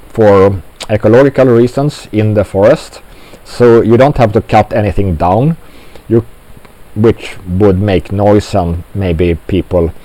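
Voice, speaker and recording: Slow, mellow-voiced man rambling on. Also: on the low side, poor audio. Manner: slow, halting delivery with many fillers. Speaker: commentator. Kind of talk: rambling monologue commentary.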